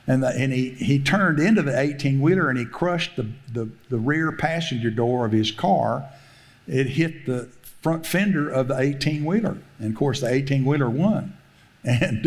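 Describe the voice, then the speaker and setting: A middle-aged man, preaching a sermon and telling a story, laughing often and acting out the voices he quotes. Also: medium pitch. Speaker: pastor.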